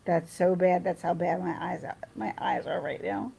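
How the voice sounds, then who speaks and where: A woman's voice: lowish voice, normal speed, creaky, mellow, a little hiss or hum, poor audio. A woman chatting casually on a livestream, reading her chat and rambling through personal stories with restarts.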